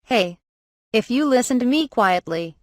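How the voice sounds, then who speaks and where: A woman reading the lines of a stern twelve-year-old boy apothecary in an audiobook, in a calm, even voice. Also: a little high, a little slow, no echo, studio quality. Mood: calm, firm.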